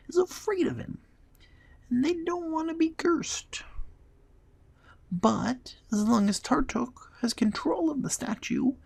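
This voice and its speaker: A man voicing a small, nervous male kobold who stammers, turns hushed when scared, and brags when proud. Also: extremely high pitch, vocal fry, voice pushed up, exaggerated voice.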